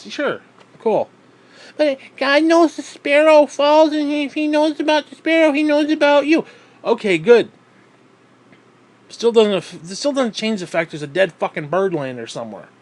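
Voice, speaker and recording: A man from New York State ranting bitterly and swearing constantly in a vlog, still out of breath as he talks. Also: on the high side. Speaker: vlogger.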